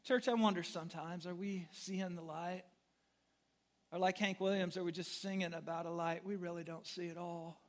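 A man pastor preaching a sermon, telling a story dramatically and swinging from hushed words to loud, blunt exclamations. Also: high voice, fairly even intonation, normal speed. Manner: conversational, blunt.

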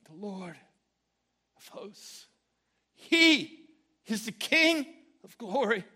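A man voicing a slow-tongued Southern man in his late forties who reads scripture aloud in awe, crying and shouting it out with a thick Southern drawl. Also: extremely high pitch, big pitch swings, pitched above the performer's own voice, heavily acted. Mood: ecstatic shouting. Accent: American Southern drawl.

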